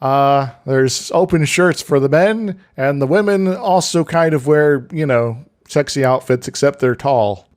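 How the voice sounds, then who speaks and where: A man co-hosting a podcast in casual chat, playful and quick to laugh. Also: mid-range voice. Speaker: podcast co-host.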